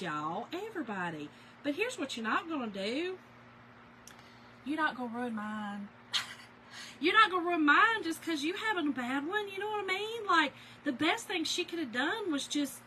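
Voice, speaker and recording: Woman in her forties hosting a craft livestream, bright higher voice, talkative storyteller chatting with viewers. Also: sing-song, normal speed, slight background noise, low-quality recording. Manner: chatty storyteller, talks to viewers and reads their names aloud. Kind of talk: casual livestream chat while crafting.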